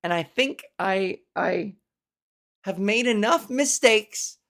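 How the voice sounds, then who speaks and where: A woman's voice: medium pitch, animated, slow pace, fairly bright tone. A woman comedian hosting her own podcast, rambling in a profane, self-mocking casual chat. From Canada.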